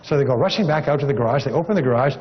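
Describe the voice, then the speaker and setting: A man's voice: medium pitch, expressive, racing. A man giving a motivational seminar speech, encouraging and repetitive, telling a story to drive home his point. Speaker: seminar speaker. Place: large seminar hall. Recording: dull lo-fi recording with long hall reverb.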